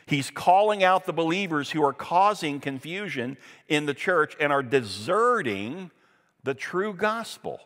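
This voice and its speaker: A man's voice: fairly high pitch, expressive, measured pace, fairly bright tone, long reverb tail. A man preaching a Sunday sermon as pastor, reading scripture aloud and stressing points with emphasis.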